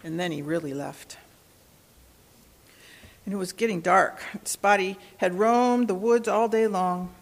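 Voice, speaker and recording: A woman reading a children's storybook aloud in a gentle, expressive way. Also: medium pitch, measured pace, long pauses.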